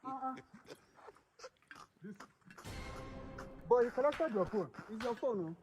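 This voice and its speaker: A man's voice: very high voice, expressive, slow pace, heavily acted. A man playing an overconfident pastor in a comedy skit clip, soothing and reassuring. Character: calm overconfident male pastor. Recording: skit clip with loud music behind.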